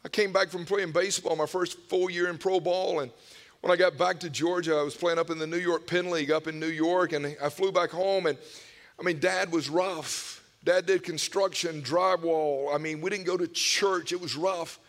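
A man preaching a sermon, telling personal stories with emotional swings from hushed whispers to loud cries. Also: a little high, steady tone, normal speed. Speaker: pastor. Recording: long hall reverb.

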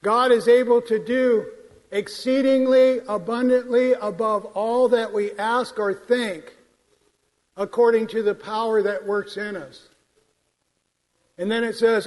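Slow, high-voiced man preaching in a reverberant church. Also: darkish tone. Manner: measured, emphatic preaching with scripture quotes. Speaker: pastor. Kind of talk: sermon. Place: church sanctuary. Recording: long hall reverb.

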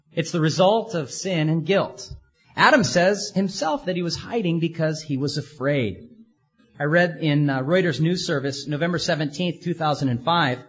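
A man's voice: on the high side, fairly bright tone, slightly rough, muffled recording. A man preaching a sermon in an earnest way, asking his listeners many rhetorical questions.

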